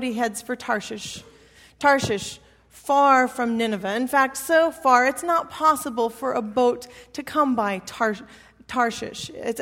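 Emphatic woman preacher in an echoing hall. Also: fairly high pitch. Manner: storytelling, emphatic with repetition. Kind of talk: sermon. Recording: long hall reverb.

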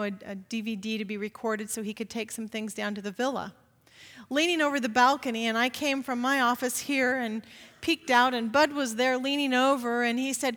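A woman's voice: a little high, fairly bright tone. A woman pastor giving a conversational sermon in a church sanctuary, often asking the congregation rhetorical questions. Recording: reverberant sanctuary.

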